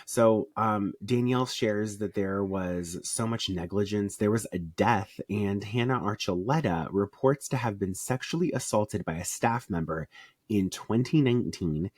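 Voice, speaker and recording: A man co-hosts a podcast in loose, joking chat, tossing out sarcastic asides and swear words as he goes. His voice has a slightly husky, breathy edge. The sound is dry and close, with no room around it. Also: fairly low pitch, a little slow, darkish tone, no echo. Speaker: podcast co-host.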